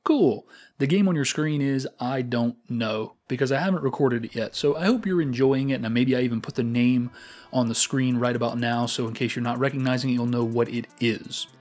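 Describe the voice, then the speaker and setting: A man's voice: medium pitch, a little mellow. A man hosting a casual weekly gaming round-up, rambling and joking with lots of filler words. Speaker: gaming show host.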